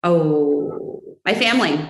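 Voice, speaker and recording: A woman's voice: sits low, expressive, echoey room, rough recording. A woman in her forties answering interview questions in a heartfelt, casual way. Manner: warm, heartfelt, quickly emotional. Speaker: guest.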